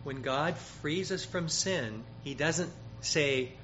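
A man preaching a sermon, emphatic, growing loud when he quotes scripture and often repeating words. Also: a little high, slow, faint music behind. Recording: dull, slightly noisy sermon recording.

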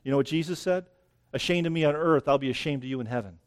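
A man's voice: fairly high pitch, fast. A man preaching a sermon outdoors, a little out of breath, in a conversational way that keeps checking in with the listeners. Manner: conversational, keeps asking "right?". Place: outdoors near dense greenery.

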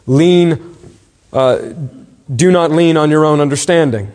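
A man preaching a sermon, earnest and emphatic, asking pointed questions and slowing down to stress key words. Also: fairly high pitch, a little mellow, long reverb tail. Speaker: pastor.

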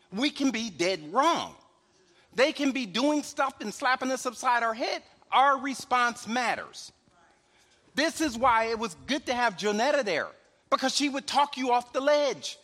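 High bright-voiced preacher in reverberant hall. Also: male voice, lively intonation, unhurried. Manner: conversational preaching, frequent "right?" asides, chuckles. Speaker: pastor. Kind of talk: sermon.

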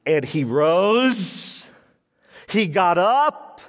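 A man with a notably high voice preaches to his congregation, pacing his words slowly. He acts out the people in the story and laughs along as he goes. The sermon carries the long reverb of a large sanctuary. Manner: animated, acts out quoted voices, laughs often. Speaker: pastor.

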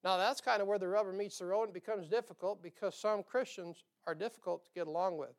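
A man's voice: sits high, fast. A man preaching a sermon, folksy and joking, punctuating his points with "amen?". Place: church sanctuary.

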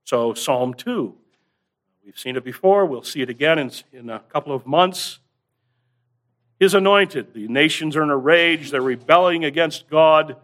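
A man's voice: medium pitch, fairly bright tone. A man preaching a sermon, teaching earnestly and building emphasis on key phrases by stretching them out. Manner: earnest, builds emphasis with rising stress and drawn-out words.

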